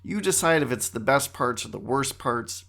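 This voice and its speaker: A middle-aged man hosting a casual solo podcast, talking in an animated, wry way that often interrupts itself. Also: medium pitch, moderate pace, gravelly. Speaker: podcast host.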